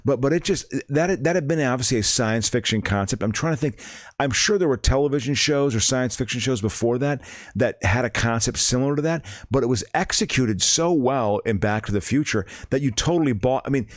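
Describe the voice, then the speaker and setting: A man's voice: medium pitch, brisk, dry recording. Male podcast co-host, mid voice, rambling and stammering, dry close recording. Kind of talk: casual chat.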